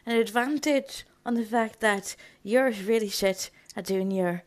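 A woman's voice: a little high, a little slow, darkish tone. A woman leaving a teasing voice note who laughs at herself. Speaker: listener sending a voice note. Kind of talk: voice-note chat.

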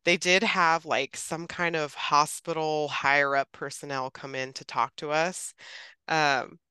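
Podcast guest, woman in her 30s, bright crisp voice, dry close sound, lively storyteller. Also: deep voice, a little slow, no room sound. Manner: chatty, quotes others animatedly, laughs often. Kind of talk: casual storytelling.

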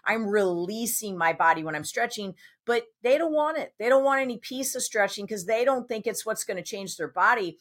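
A woman's voice: on the high side, fairly quick, few pauses. A woman who works as a personal trainer and health coach, talking with enthusiasm as a podcast guest. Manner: enthusiastic, animated storytelling. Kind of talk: casual podcast conversation.

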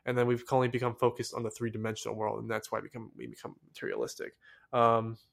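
A young man from the United States hosting a solo podcast, rambling excitedly with many fillers and restarts in a casual monologue. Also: on the low side, quick pace, vocal fry. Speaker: podcast host.

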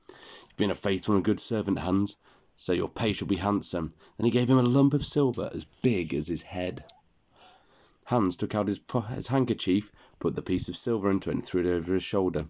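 A man reading a fairy tale aloud to a child in a relaxed, chatty way, stopping to explain and laugh. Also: on the low side, normal speed, vocal fry.

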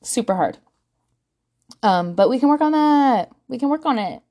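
A woman's voice: a little high, expressive, moderate pace, dark tone. A woman in her thirties, chatting casually to camera as a parenting vlogger, self-mocking and laughing often.

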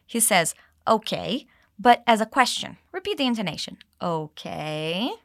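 A woman teaching English, explaining dialogue lines and modeling them slowly for learners to repeat. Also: on the high side, sing-song, fairly bright tone, dry recording, clean studio sound. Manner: clear, slow modeling of phrases with exaggerated intonation. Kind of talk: English lesson with repeat-after-me drills.

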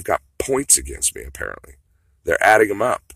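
Rambling profane monologue, man with a low husky voice, muttering then flaring up. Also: big pitch swings, fairly quick, a bit bright, no room sound. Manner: rambling, profane, swings between mutters and outbursts.

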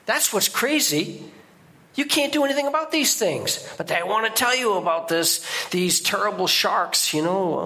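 Animated, bright-voiced male guest preacher. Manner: conversational, with sudden emphatic rises in pitch. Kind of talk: sermon. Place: church.

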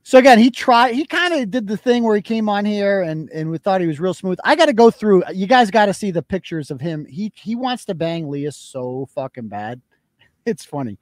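A man's voice: high-pitched, expressive, normal speed, no room sound. A man hosting a livestream, talking bluntly and sarcastically, often crude. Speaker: host. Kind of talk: livestream commentary.

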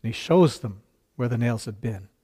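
A man's voice: medium pitch, animated, moderate pace, warm tone, husky. A male pastor preaching a sermon, retelling a story earnestly with quoted dialogue and occasional stumbles.

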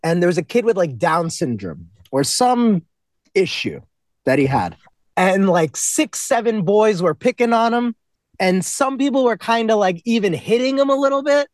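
Young man, high voice, dry close sound, blunt profane storyteller, podcast co-host. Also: big pitch swings, moderate pace, no echo. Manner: blunt, profane storytelling, acts out kids' lines. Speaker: podcast co-host, substitute teacher. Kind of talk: casual podcast chat.

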